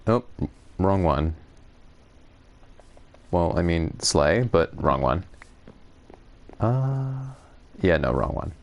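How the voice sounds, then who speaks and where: A man's voice: low-pitched, animated, very slow, creaky, long pauses. A man streaming a survival game, musing to himself and amused at his own remarks in casual commentary. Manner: musing, self-amused, thinks aloud. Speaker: gaming streamer.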